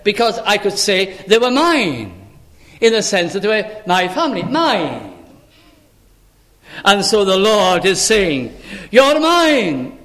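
An older male preacher delivers a sermon in a slightly high voice. He speaks earnestly in old-fashioned biblical phrasing. He lifts sharply into pleading calls, then sinks low and soft. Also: big pitch swings, slow.

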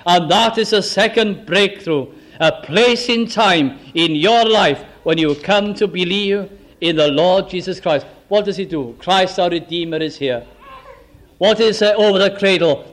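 A man with a high-pitched, fairly bright voice preaches a fervent sermon. He asks listeners many rhetorical questions one after another and slows right down to stress key phrases.

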